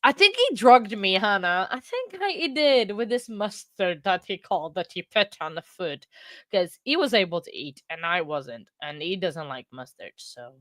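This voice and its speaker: Her voice is lowish but lively in intonation, fairly bright, and moderately paced as this livestream host banters with her chat. She's a bit breathless, giggling playfully and rambling with frequent laughter, recorded dry with clean studio sound.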